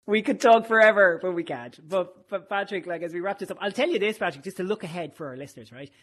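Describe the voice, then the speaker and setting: A man's voice: high voice, quick pace. A man hosting a podcast, talking football with enthusiastic, playful exaggeration. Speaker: host. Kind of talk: casual podcast chat.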